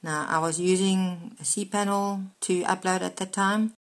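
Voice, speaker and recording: Lower-voiced woman giving a Bible talk. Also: fairly even intonation, low-quality recording. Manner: measured, explanatory, spells out words letter by letter. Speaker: preacher giving daily devotional messages. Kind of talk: Bible teaching monologue.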